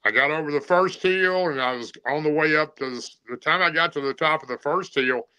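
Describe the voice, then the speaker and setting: A man's voice: fairly high pitch, a little fast, bright, forceful tone, clear, resonant tone, rough recording. A man telling a story in a plain-spoken, rambling way, with many fillers. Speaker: guest telling an encounter story. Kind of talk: casual storytelling.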